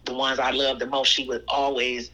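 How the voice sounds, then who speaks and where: Over poor-quality audio, a woman with a rumbling low voice speaks at a normal speed as a guest sharing personal stories. She brings them to life by quoting people in different voices, keeping the tone conversational.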